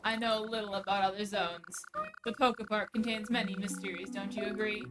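A woman voicing a calm, welcoming Pokemon in a soft, measured way. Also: mid-range voice, over loud music, voice pushed down, lightly acted, low-quality recording.

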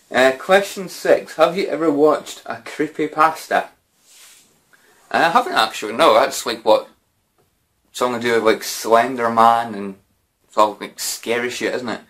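A man's voice: mid-range voice, a little slow, pauses often, fairly bright tone. A man answering viewer questions in a casual, rambling way, with lots of fillers and mild swearing. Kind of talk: casual Q&A chat.

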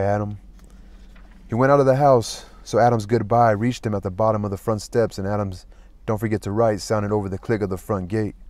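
A man reading a novel aloud in an even, plain manner, lightly voicing the dialogue. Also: lowish voice, no echo. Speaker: audiobook reader.

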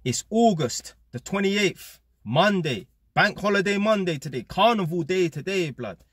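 Young London-accented man, husky, dry close sound; casual blunt vlog monologue, heavy street slang. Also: high-pitched, expressive, unhurried, a bit bright, no room sound. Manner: London slang, blunt and emphatic, repeats "blood" and "fam". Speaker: vlogger. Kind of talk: casual motivational monologue to camera.

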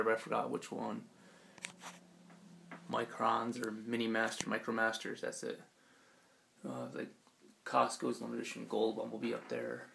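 A man with a deep, heavily gravelly and hoarse voice walks through his collection in a relaxed, rambling way. He speaks slowly and flatly, with plenty of ums and offhand swearing. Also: a little hiss or hum. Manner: laid-back, rambling, with many ums and casual swearing. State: scratchy, hoarse voice. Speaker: collector giving a room tour. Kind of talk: casual collection walkthrough. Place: his room at home.

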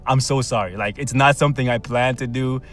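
A man hosting gameplay commentary, his voice sitting at an ordinary middle pitch. He chats casually and coaxes the game along with slang and pet names, ready to break into loud cheers. Soft music plays faintly underneath. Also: a little fast. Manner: bursts into loud shouts and cheers when excited. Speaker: gaming channel host.

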